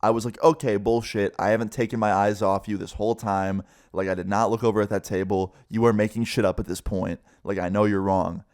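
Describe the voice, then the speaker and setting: Young man telling a storytime, animated. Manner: animated, quick shifts in pitch, swears casually. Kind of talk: casual storytime.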